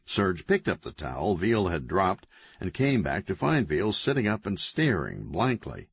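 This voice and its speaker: Man, audiobook narrator, wry deadpan telling, lively pitch, dull lo-fi dry sound. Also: a little slow, husky, no echo. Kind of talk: scripted narration.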